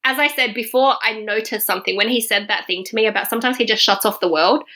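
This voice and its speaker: A young woman casually telling a personal story on a podcast, acting out what people said with big jumps in her voice. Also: fast talker. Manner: animated, acts out quotes with big pitch jumps.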